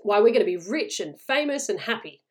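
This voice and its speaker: A woman's voice: medium pitch, expressive, brisk, lightly acted. A woman voicing a cheeky young man who teases his parents playfully. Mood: teasing. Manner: playful, mocking.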